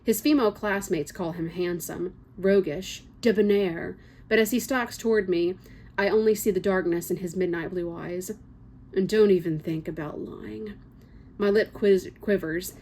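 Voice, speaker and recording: A woman's voice: mid-range voice, a little mellow, slight background noise. A woman reading a first-person novel excerpt aloud, with small slips and casual asides. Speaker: book reader.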